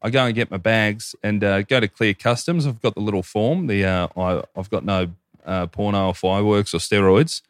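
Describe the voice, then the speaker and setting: A man in his thirties, co-hosting a casual podcast, telling crude, profane stories with animated quoted voices. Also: lowish voice, moderate pace, smooth, dry recording, studio quality. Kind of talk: casual chat, storytelling.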